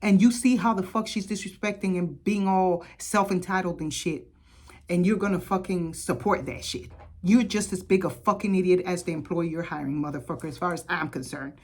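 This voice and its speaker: A woman's voice: lowish voice, brisk. A woman from the Caribbean telling a casual story on her spiritual vlog, blunt and heavy on profanity. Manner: blunt and profane, with frequent laughs. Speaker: spiritual vlogger.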